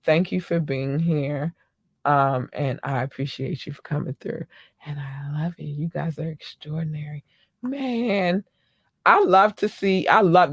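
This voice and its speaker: A woman's voice: deep voice, dry recording, clean studio sound. A woman hosting her own podcast in a casual solo chat, gushing thanks and love to her listeners with lots of ums and slang. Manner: effusive, gushing shout-outs to listeners; chatty with frequent ums and slang. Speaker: podcast host.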